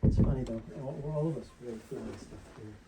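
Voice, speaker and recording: A man talks slowly and searchingly, trailing off as he tries to describe a feeling. His voice rings off the walls of an attic room, with steady noise hanging in the background. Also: medium pitch. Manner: thoughtful, hesitant, searching for words. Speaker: paranormal investigator leading the walk-through. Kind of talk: casual investigation chat. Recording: roomy echo, loud background noise.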